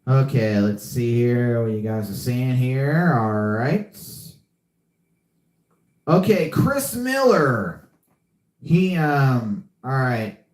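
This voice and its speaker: This man has a medium-pitched, somewhat mellow voice with lively intonation and drawn-out words. Reading the chat on his casual live podcast, he rambles, repeats himself and fills gaps with fillers. There's echo in the room.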